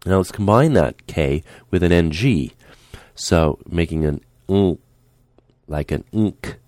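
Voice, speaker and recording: A man teaching a speech lesson, calm and patient, demonstrating the sounds aloud as he explains them. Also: sits low, takes it slowly, no room sound, clean studio sound.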